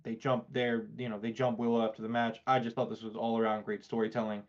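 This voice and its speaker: A man's voice: fairly low pitch, little pitch movement, quick pace. A man co-hosting a podcast in casual chat, talking things through thoughtfully and analytically, with frequent fillers and restarts. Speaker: podcast co-host. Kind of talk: casual wrestling review chat. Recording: dull, lo-fi mic.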